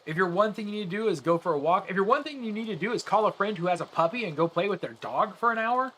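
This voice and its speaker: A male streamer talks to his live chat as he plays, earnest and a little rambling, often restarting his sentences. His voice sits fairly high for a man. A faint hum of ambient noise stays under his voice. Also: expressive, fast talker, a bit bright. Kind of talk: casual chat with live viewers while gaming.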